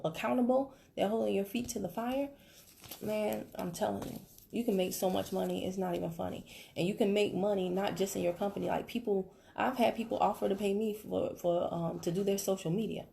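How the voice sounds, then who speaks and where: A woman coaching a team member on a call, talking in an animated way, laughing and acting out quotes. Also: mid-range voice, brisk, gravelly. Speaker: business coach.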